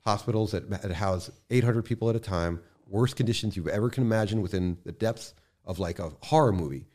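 Low-voiced impassioned man. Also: fairly quick. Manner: impassioned, swings from quiet to loud bursts; swears freely, addresses host as man. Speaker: podcast guest. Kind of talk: casual podcast conversation.

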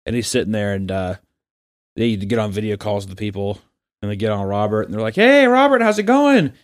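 A man co-hosting a podcast in casual chat, telling stories with lots of profanity and acting out quoted people in high mocking voices. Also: fast talker. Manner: animated storyteller, acts out quotes in high mocking voices, swears freely. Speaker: podcast co-host.

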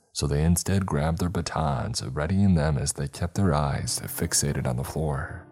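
A man's voice: extremely low pitch, darkish tone. A man steadily reading a scripted horror story as the narrator.

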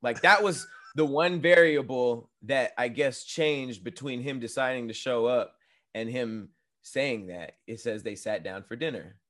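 A man's voice: mid-range voice, unhurried, a bit bright. A man co-hosting a comedy podcast, chatting in a laid-back, reflective way. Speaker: podcast co-host. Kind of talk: casual chat.

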